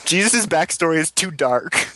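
A man's voice: on the high side, animated, moderate pace, pushed and bright, dry recording. A man co-hosting a casual chat, cracking jokes and giggling. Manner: wisecracking, giggly. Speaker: podcast co-host.

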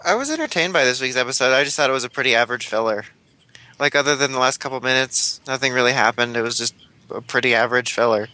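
A man in casual podcast chat, jumping in with quick joking comments. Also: mid-range voice, lively intonation, bright, forceful tone, dry recording. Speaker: podcast co-host.

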